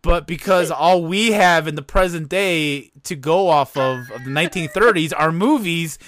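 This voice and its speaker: A man co-hosts a podcast in a fairly bright, higher-pitched voice at a moderate pace, with a little hiss or hum in the background. The talk is casual and meandering, loaded with fillers and laughter.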